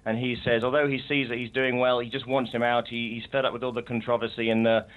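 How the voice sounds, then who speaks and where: A man who sounds chesty today, his voice a touch deeper than usual. He talks at a brisk clip and explains things in a chatty, easy way, like a correspondent filling in a studio panel. His pitch sits in an ordinary middle range for a man. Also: flat delivery, phone-quality sound. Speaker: remote correspondent.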